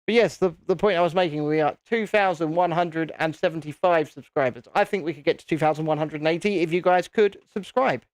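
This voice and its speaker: A man's voice: fairly high pitch, fairly quick, hardly any pauses, no echo. British male streamer, chatty and self-mocking, dry sound. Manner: chatty, self-deprecating, talks to viewers. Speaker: live-stream host. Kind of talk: casual live-stream chat.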